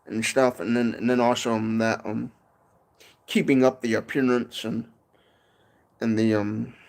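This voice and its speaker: A man's voice: mid-range voice, flat delivery, measured pace, vocal fry, long pauses, darkish tone. A man with a Michigan accent chatting casually on a livestream from his porch, rambling and often tacking on "and stuff". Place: home porch, outdoors.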